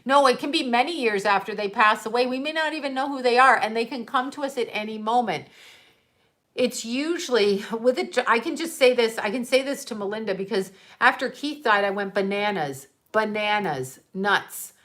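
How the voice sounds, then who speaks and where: A middle-aged psychic medium chats candidly with viewers on a casual livestream, her voice on the high side with a fairly bright tone at normal speed. She swears and laughs often.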